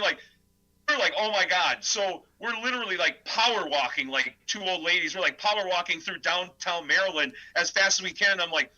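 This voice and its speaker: Man, from the Midwest, metal musician, chatty rambling storyteller, sharp forceful tone. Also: high-pitched, moderate pace, rough recording. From Midwest United States. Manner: animated, rambling, many filler words. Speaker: death metal vocalist and guitarist, guest. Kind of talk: casual storytelling interview.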